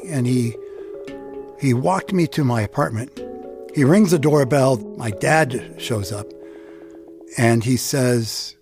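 A man telling a personal story in a reflective, halting way. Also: mid-range voice, darkish tone, husky, dry recording, studio quality. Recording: produced podcast with music bed.

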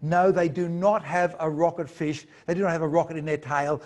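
A man's voice: fairly high pitch, fairly quick. Playful, jokey male science presenter. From Australia. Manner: playful, jokey, animated storytelling. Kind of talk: lively live science talk.

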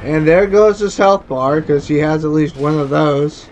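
A man giving angry, profanity-filled commentary while playing a video game and yelling at the enemy. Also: fairly high pitch, measured pace, a little hiss or hum. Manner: furious, swearing, yelling at the game. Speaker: gameplay streamer.

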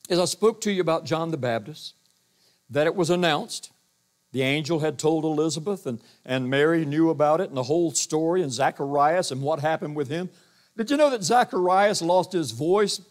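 An older pastor preaches with a booming voice that sits a little high for a man. He rambles and restarts, acting out quotes as he goes. He speaks from inside a church. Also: moderate pace. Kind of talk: sermon. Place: church sanctuary.

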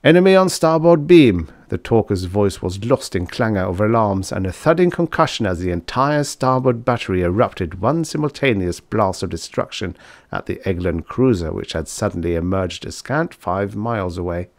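A man narrating a science fiction story for an audiobook in a steady, measured storytelling manner. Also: sits low, dry recording.

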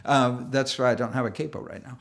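A male pastor gives a sermon in an animated, chatty storytelling way and acts out quoted voices. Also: mid-range voice, fairly quick, vocal fry. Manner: chatty, full of fillers and restarts.

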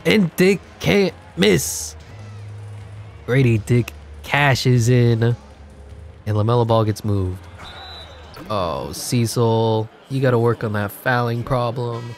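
A man giving jokey, excitable play-by-play over a video game, his voice congested and wearing out, breaking into sudden yells. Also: mid-range voice, slow, faint music behind. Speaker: gaming commentator. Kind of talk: live game commentary.

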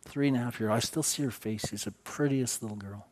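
A middle-aged man, preaching a sermon as he tells a story, swinging from loud exclamations to hushed passages. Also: medium pitch, fairly quick.

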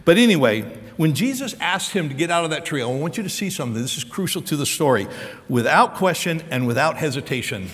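An American man preaching a sermon as pastor, acting out the story's dialogue with lively energy. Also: on the high side, in a large hall. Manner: animated preacher, acts out dialogue.

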